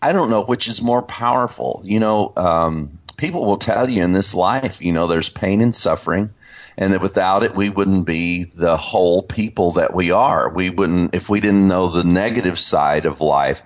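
A man teaching about scripture in an unscripted discussion, speaking haltingly with many fillers and restarts. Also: low voice. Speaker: Christian teacher. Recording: dull lo-fi sound.

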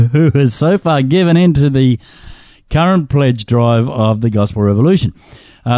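A man's voice: mid-range voice, normal speed, dark tone, dry recording. A man hosting a radio pledge drive, reading donor names in a jokey way and stumbling over the pronunciations. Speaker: radio host.

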